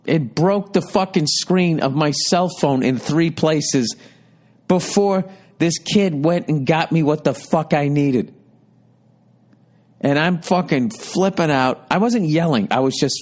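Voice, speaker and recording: A podcast host in his fifties, with a higher-than-average, darkish-toned voice, speaks animatedly at a moderate pace. His comic monologue is a rambling, exasperated story packed with heavy swearing.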